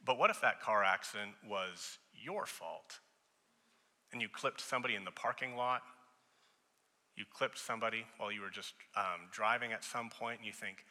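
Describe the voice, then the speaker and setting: A man in his thirties preaching a sermon as pastor in a church, talking in a conversational way, acting out the voices he quotes and growing loud when he tells stories. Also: fairly low pitch, normal speed. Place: church sanctuary. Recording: long hall reverb.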